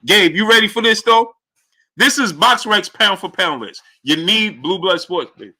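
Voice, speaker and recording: Male livestream boxing host, high lively voice with a very bright edge, hypes the chat. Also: moderate pace. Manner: animated, hypes the audience, shouts out chat names. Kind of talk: livestream commentary reading chat.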